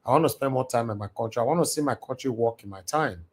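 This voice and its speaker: A man's voice: medium pitch, fast talker, darkish tone, breathy edge. A man with a Nigerian Pidgin English accent hosting a livestream from home, preaching passionately to his audience. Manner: preachy, impassioned, switches into Pidgin. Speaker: live stream host. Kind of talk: livestream monologue. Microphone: home livestream mic.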